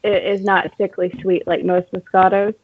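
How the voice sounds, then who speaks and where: A co-host on a casual talk show, bubbly and quick to laugh. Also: mid-range voice, flat delivery, phone-quality sound. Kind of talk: casual chat.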